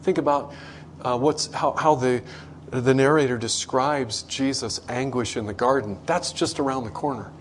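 A man preaching a sermon to a congregation in a conversational way, acting out quoted voices with big swings in pitch. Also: normal speed, a little hiss or hum. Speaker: pastor.

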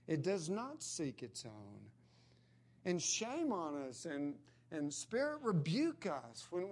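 A man's voice: fairly high pitch, husky. A man preaching a sermon, earnest and emphatic, pressing his points with rising stresses.

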